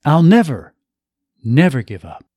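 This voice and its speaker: A man's voice: a little high, big pitch swings, dark tone, husky, no echo, clean studio sound, full character voice. A man voicing a grief-stricken young father. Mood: resolute. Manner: shaky, despairing, halting.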